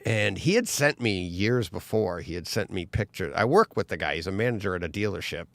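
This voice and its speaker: Gravelly-voiced man telling a story. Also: low voice, a little fast, no room sound. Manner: animated storyteller who acts out other people's lines. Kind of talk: casual podcast chat.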